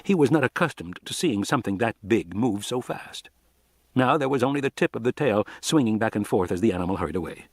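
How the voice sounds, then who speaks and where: A man narrating an audiobook in an expressive, dramatic reading style. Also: fairly low pitch, a little fast, husky, dry recording, studio quality.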